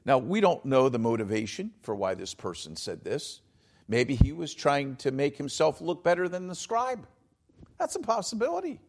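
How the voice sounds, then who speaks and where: A man's voice: fairly high pitch, animated, normal speed, creaky. A man preaching a sermon as pastor, explaining scripture with emphatic, dramatized quotes.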